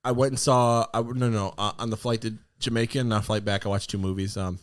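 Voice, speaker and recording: A podcast co-host tells stories animatedly in casual chat, laughing often. He talks fast in a lowish, steady voice, and the recording is studio quality with no echo.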